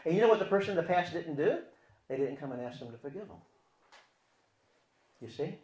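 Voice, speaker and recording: A man preaching in a fairly high voice that swings widely in pitch, pressing hard on key points and then dropping to near-murmurs. He keeps putting rhetorical questions to his listeners. The sound carries a roomy echo. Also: expressive, brisk. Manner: swings between loud emphatic stretches and quiet near-murmured asides. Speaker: Christian relationship teacher. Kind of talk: sermon-style teaching. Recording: echoey room.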